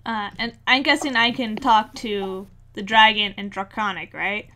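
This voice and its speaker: A woman playing in a tabletop game, brisk and quick to speak up for her character. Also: medium pitch, steady tone, bright, forceful tone, a little hiss or hum. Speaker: player. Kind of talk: tabletop role-play chat.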